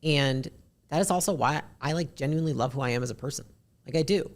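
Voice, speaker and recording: Deep raspy-voiced woman, blunt and candid. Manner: blunt, swears casually, talks fast in bursts. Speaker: guest. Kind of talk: candid podcast conversation.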